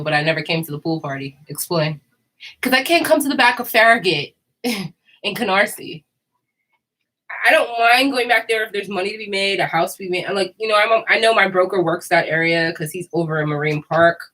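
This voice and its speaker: A woman's voice: fairly low pitch, a bit bright, low-quality recording. A woman, talking candidly to her viewers in a loose, slangy monologue full of laughs. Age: 30s. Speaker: vlogger. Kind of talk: casual monologue to camera.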